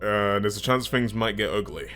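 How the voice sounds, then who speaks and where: A man voicing a brisk street informant. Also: fairly low pitch, bright, forceful tone, faint music behind. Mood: businesslike.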